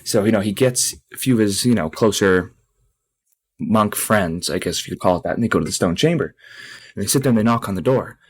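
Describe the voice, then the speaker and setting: A podcast co-host with a low voice, telling a long joke in a rambling, casual way. He leans on fillers as he goes. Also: lively intonation, a little fast, husky.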